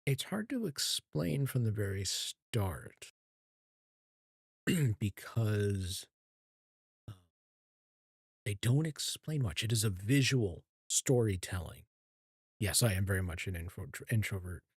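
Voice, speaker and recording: A man in his thirties chatting calmly while streaming a game, soft-spoken and hesitant, with many ums and restarts. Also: lowish voice, slow, long pauses, breathy edge, no room sound, studio quality. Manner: calm, soft-spoken and even. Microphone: streaming mic with equalizer.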